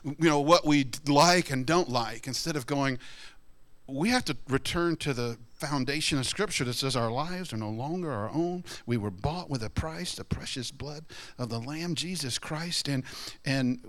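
A man preaching a sermon in a conversational, animated way, often acting out what people say. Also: normal speed. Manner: conversational, animated, acts out quoted people in high voices. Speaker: pastor.

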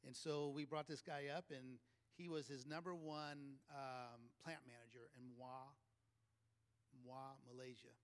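A man's voice: mid-range voice, fairly even intonation, a little slow, clean tone. A man, a leadership coach, telling a chatty story to a live audience and laughing often between phrases.

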